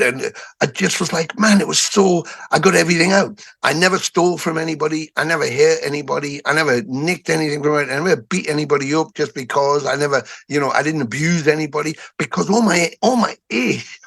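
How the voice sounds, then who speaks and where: Gravelly older man telling stories. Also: on the high side. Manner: animated, profane storytelling. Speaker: guest musician. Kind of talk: casual podcast conversation.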